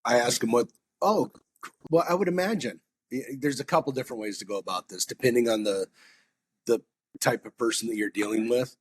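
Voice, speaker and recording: A man with a medium-pitched, slightly rough voice talks fairly quickly and casually on a sales podcast. He's an animated storyteller, acting out both sides of his conversations with customers.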